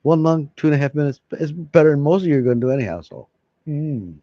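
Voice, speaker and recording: A man's voice: on the high side, expressive, fast talker, mellow, no room sound. A man rambling casually to his viewers, swearing freely and chuckling between thoughts. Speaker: vlogger. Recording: dull lo-fi sound.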